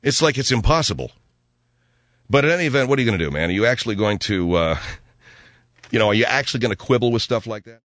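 A man's voice: medium pitch, fast talker, long pauses, dry recording. A man hosting a radio show, telling a story in a casual, jokey way and acting out what people said. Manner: animated, jokey, acts out quotes.

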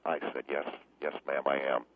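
A man doing a meek, groveling man, very deep. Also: animated, fairly quick, breathy edge, no echo, narrow, tinny audio, exaggerated voice. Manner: timid, pleading, very low mumble. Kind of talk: comedic radio character acting.

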